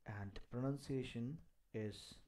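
A man teaching an online language class at a slow, deliberate pace, going over each phrase again and again. His voice is dark and mellow, and he sits a little away from his computer mic. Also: mid-range voice, far from the mic. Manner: slow, repeats each phrase carefully, clears throat often.

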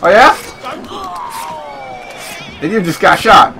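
A young man giving casual, excitable, swearing commentary on his video game play. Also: high-pitched, slow, creaky, noisy background. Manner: excitable, swearing, talks to himself. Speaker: gameplay commentator. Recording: game music playing underneath.

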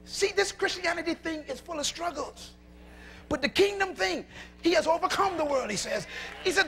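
A male preacher delivering a sermon emphatically, calling out to the congregation and shouting at peaks. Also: very high voice, animated, normal speed, a little hiss or hum. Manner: emphatic, calls to audience.

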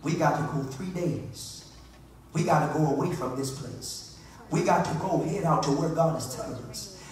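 A man preaching a fervent Pentecostal sermon that swings from low talk to loud cries, calling on the congregation to answer him. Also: normal speed, far from the mic. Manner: calls on the congregation to respond. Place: church sanctuary. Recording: echoey church hall with faint music.

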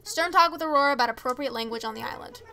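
A woman's voice: high voice, rapid-fire, gravelly, pushed and bright. A teenage girl streaming a life-sim game, chatting casually with viewers and reacting to the villagers. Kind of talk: casual live-stream chat while gaming.

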